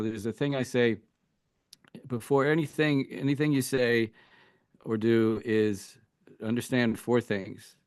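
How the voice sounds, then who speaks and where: A man appears as a relationship coach guest in a casual interview, thinking aloud with many "you know"s and restarts. His voice is mid-range, and the sound is clean studio quality with no echo.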